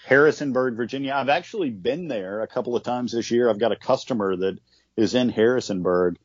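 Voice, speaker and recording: A man's voice: medium pitch, fairly quick, dry recording, highs cut off. A man co-hosting a podcast, chatting casually about college football with many fillers and restarts. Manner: relaxed, conversational, with many fillers. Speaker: podcast co-host. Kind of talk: casual sports chat.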